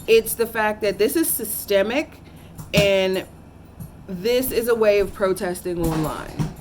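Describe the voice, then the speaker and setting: Young woman telling her story, emotional, lots of ums and restarts, mid pitch. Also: a little mellow, soft background music. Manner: earnest and emotional, halting with many fillers and restarts. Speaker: teacher. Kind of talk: personal storytelling to camera.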